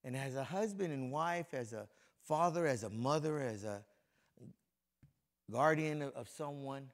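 A middle-aged pastor from Compton, California, preaches a sermon a little slowly in a mid-range voice. His style is conversational, and he speaks directly to people in the congregation.

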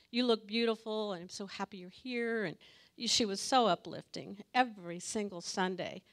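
A woman sharing a personal testimony at a church gathering, talking earnestly and emotionally and laughing now and then. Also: mid-range voice. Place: church meeting room with audience.

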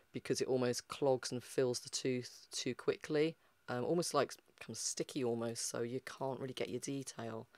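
A man's voice: medium pitch, clear, resonant tone, no echo. A man giving a casual, chatty art lesson on a livestream, explaining with lots of fillers. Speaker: art tutor.

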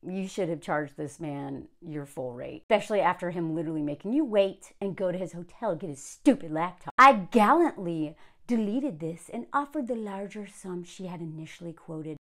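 A woman's voice: on the low side, lively intonation, moderate pace. A woman giving sarcastic reaction commentary on a story she reads aloud. She gets worked up as she talks. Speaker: video commentator.

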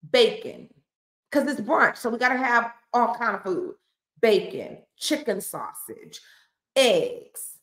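A woman's voice: on the high side, roomy sound. A woman pastor, talking to viewers in a playful, chatty, hyped-up way. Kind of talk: hyped livestream announcement.

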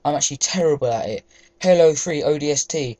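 A man's voice: a little high, fast, warm tone, muffled recording. A young man, chatting casually over gameplay, rambling with lots of fillers. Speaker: gaming commentator.

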